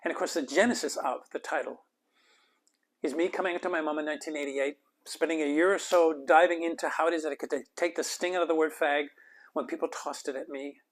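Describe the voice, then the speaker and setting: Male host, slightly higher voice, heartfelt reflective storytelling, drifts into soft near-whispers. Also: fairly even intonation, brisk. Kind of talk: personal storytelling monologue.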